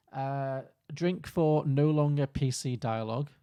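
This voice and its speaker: A man's voice: fairly high pitch, takes it slowly, dark tone, clear, resonant tone. A man co-hosting a film podcast, joking and rambling in casual chat with lots of fillers. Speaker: podcast co-host.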